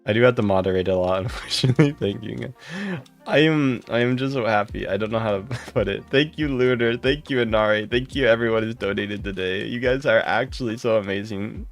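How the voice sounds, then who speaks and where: A livestreamer in casual chat with viewers, warm and thankful, greeting people by name and breaking into giggles. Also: medium pitch, fairly quick, soft background music.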